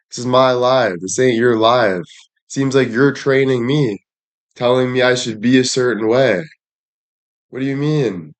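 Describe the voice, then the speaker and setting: A man livestreaming and addressing his chat in a heated rant, frustrated, swearing often and repeating himself. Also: mid-range voice.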